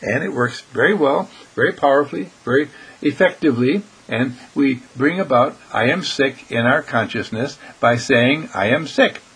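A man's voice: mid-range voice, moderate pace, a bit bright, low-quality recording. A man giving a short inspirational talk as dean of a healing school, repeating his points with emphasis and acting out his listeners' questions. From United States. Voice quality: gravelly, husky.

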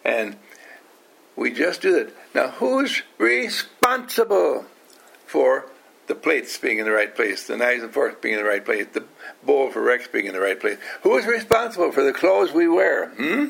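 A man's voice: mid-range voice, very animated, normal speed, vocal fry, fairly bright tone. An older man giving an informal talk to a small group, often asking questions, teasing his listeners and acting out the people he quotes. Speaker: household teacher.

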